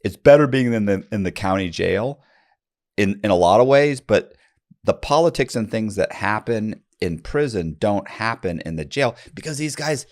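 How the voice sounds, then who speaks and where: A man telling a story in casual conversation with animated energy, acting out other people's lines as he goes. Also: fairly low pitch, normal speed.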